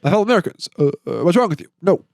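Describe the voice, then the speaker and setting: Halting presidential impression by a young man, measured and deliberate, with a dry close sound. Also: high-pitched, very animated, vocal fry, a little mellow, no echo, heavily acted. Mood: scolding.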